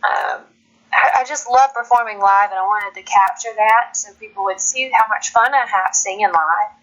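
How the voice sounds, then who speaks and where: A woman's voice: medium pitch, normal speed, a bit bright, low-quality recording. A woman singer-songwriter from Alabama, chatting as a guest in a casual phone interview, laughing often and restarting her sentences.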